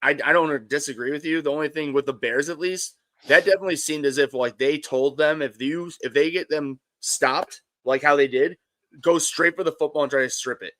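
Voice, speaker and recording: A man co-hosts a live sports talk show, working through his points in rambling, restarting sentences. His voice is bright and mid-pitched. It sounds dry and close. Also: fairly quick, dry recording. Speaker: co-host.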